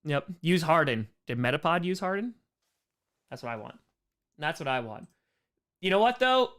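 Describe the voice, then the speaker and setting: A man with a hoarse, worn-out voice hosting a casual live Q&A, joking and rambling as he reads chat questions. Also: a little high, big pitch swings, normal speed, a bit bright. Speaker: live stream host answering chat.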